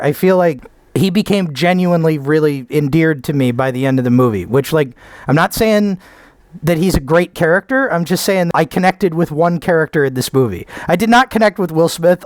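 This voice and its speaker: Excitable swearing man reviewing a movie. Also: on the high side, dry recording. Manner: excitable, sarcastic, swears freely, jumps between shouting and muttering. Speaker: film reviewer. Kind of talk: rambling profane movie review.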